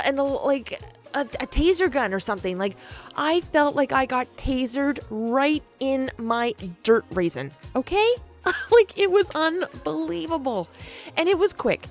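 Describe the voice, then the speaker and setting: Woman in her 40s doing a podcast, higher voice, chatty and cheeky, frank, a little music in the back. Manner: animated, playful, frank storytelling with pet names for listeners. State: perimenopausal. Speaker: podcast host. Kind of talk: casual monologue.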